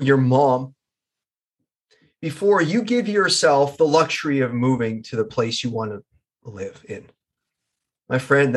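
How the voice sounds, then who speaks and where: A man's voice: a little high, slightly rough. A man hosting an interview, effusive and affirming, reflecting at length before he asks his questions. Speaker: podcast host.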